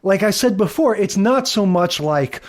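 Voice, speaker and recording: A man co-hosting a podcast, casually recapping an old sitcom episode in a wry, relaxed way, chuckling as he talks. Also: sits high, moderate pace. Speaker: podcast co-host.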